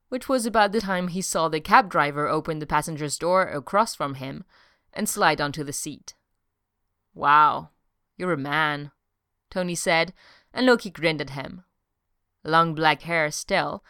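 A woman narrating a story in an audiobook, measured and even. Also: low voice, no room sound, clean studio sound. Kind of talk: audiobook reading of fiction.

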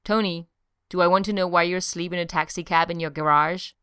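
A woman's voice: on the low side, steady tone, brisk, a bit bright, clear, resonant tone, no room sound, studio quality, natural voice. A woman reading an earnest, mild-mannered man in an audiobook, plain and firm.

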